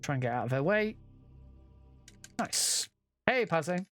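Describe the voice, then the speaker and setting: A man's voice: a little high, big pitch swings, measured pace, fairly bright tone, faint music behind. A man giving casual, chatty commentary while playing a game, often correcting himself and swearing offhand. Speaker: speedrunner.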